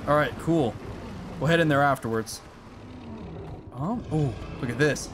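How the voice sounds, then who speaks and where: A man giving casual, excitable gameplay commentary, swearing and shouting encouragement at his in-game companion. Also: a little high, measured pace, slight background noise. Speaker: gaming YouTuber.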